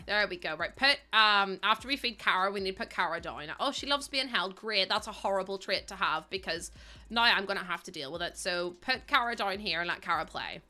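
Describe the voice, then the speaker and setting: A woman's voice: medium pitch, bright, forceful tone. A young woman livestreaming a life-sim game, chatting casually to her viewers and the game characters and laughing often. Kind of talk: casual livestream chat while playing.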